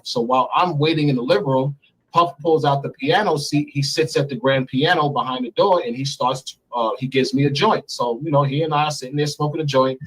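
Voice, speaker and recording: A man in his thirties, recounting a story candidly and profanely in an interview, getting animated as he goes. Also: slightly rough, low-quality recording. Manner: animated, profane, climbs high when excited. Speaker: interview guest. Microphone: remote stream mic.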